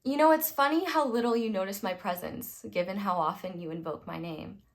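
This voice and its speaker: A woman voicing a calm, gently teasing male divine figure in a story she is telling. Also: mid-range voice, fairly quick, lightly acted. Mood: wry teasing. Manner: dry, wry remark.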